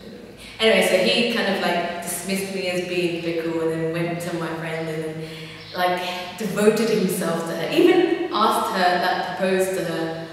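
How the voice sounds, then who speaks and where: A woman's voice: on the low side, steady tone, normal speed, a little hiss or hum. A young woman vlogger chatting casually, telling funny stories with laughs and fillers. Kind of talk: casual storytelling. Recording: very echoey room, far from mic, faint ambience.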